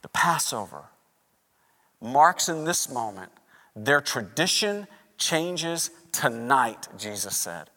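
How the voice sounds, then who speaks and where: Male pastor, animated sermon storyteller, bright voice, big hall reverb. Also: mid-range voice, slow. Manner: animated storytelling, acting out quoted lines.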